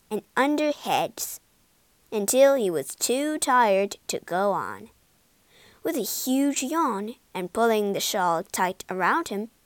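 Woman narrator, storybook read-aloud, slow and animated, dry close sound. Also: fairly high pitch, no room sound. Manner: expressive, deliberate.

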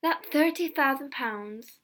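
A woman voicing an anxious, excitable old housewife, her lines pitched up and exclaimed. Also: slow pace. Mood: insistent. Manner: exclaiming, rising high.

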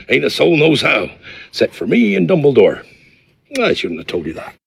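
A hulking male groundskeeper from a film with a broad West Country accent. He is rough and blurts things out. His voice is gravelly and deeply husky, with a lowish, swinging pitch. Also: wildly swooping pitch, measured pace, full character voice. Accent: West Country English. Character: gruff giant male groundskeeper, loose-lipped.

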